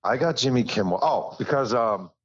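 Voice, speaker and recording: A man's voice: mid-range voice, normal speed, gravelly, no echo, highs cut off. A man, a guest author on a podcast, telling stories in a self-deprecating way and acting out what others said. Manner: animated storyteller who acts out quotes, self-deprecating. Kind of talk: casual interview storytelling.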